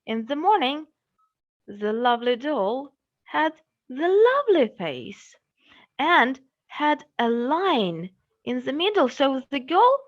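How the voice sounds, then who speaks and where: A woman from Russia with a Russian accent, telling a fairy tale in English in an expressive, dramatic way. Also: high-pitched, slow, muffled recording. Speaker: English teacher telling a story. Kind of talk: storytelling.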